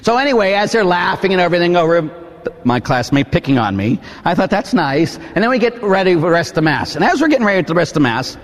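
A man, a Catholic priest, telling a story in a sermon, swinging between hushed asides and excited exclamations. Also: sits high, quick pace, long reverb tail.

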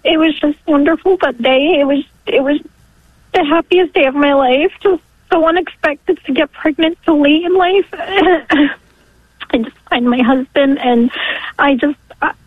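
A woman in her forties calling in to a radio show, talking in an emotional, halting way. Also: high voice, no echo. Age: 40s. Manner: emotional, halting, sometimes tearful. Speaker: caller. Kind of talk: call-in radio testimony. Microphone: telephone. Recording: dry tinny phone line.

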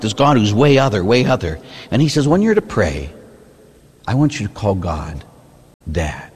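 A man, a Catholic priest, preaching a lively sermon, often checking in with a "huh?" and swinging between loud and hushed delivery. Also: medium pitch, breathy edge. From United States. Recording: long hall reverb.

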